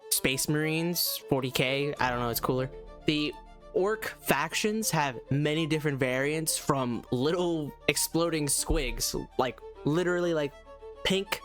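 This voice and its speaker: A man's voice: a little high, fairly bright tone. A man giving a casual, rambling video game review, full of "like" and restarts. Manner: rambling, lots of fillers.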